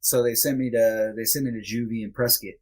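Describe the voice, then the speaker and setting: A man appears as a podcast guest, telling a personal story in a frank, relaxed style that's packed with fillers and sometimes crude. His medium-pitched voice moves fairly quickly with fairly even intonation.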